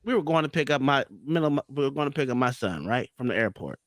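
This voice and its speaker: A man's voice: mid-range voice, animated, fast talker, no room sound, clean studio sound. A man on a podcast, casually telling a story in a profane way and acting out heated quotes. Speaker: podcast co-host.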